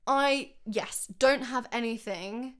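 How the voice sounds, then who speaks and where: A woman's voice: fairly high pitch, slow pace, clear, resonant tone. A young woman co-hosting a podcast, chatting casually and gushing, laughing often. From Scotland. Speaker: podcast co-host. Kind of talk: casual chat.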